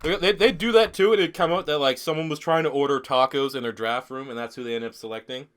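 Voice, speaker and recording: A young Canadian man who is sick, streaming a football video game live, clearing his throat, swearing and rambling through chat questions. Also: mid-range voice, steady tone, fast, a bit bright. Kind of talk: live-stream gaming commentary.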